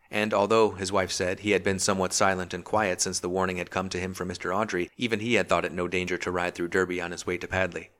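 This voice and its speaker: Deep-voiced male audiobook narrator. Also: fairly bright tone. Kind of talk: scripted narration.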